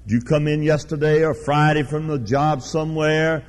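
Fiery preacher in a reverberant church. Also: male voice, fairly even intonation, moderate pace, hardly any pauses. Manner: swings between loud high bursts and low quiet asides; folksy and teasing, mimics church members. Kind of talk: fiery revival sermon. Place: church sanctuary.

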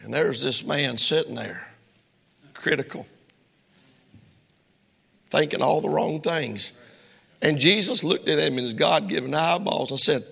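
This middle-aged pastor has a slightly high, gravelly, husky voice with a fairly bright tone, speaking at a measured pace and pausing often. He preaches fervently to his congregation in a church sanctuary, posing rhetorical questions amid long church-hall reverb.

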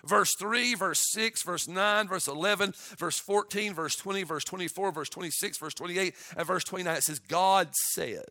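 A man preaching a sermon to his church, impassioned and building to loud exclamations of awe. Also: sits high, normal speed, hardly any pauses, no room sound, studio quality. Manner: impassioned, rising to shouts of awe. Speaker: pastor.

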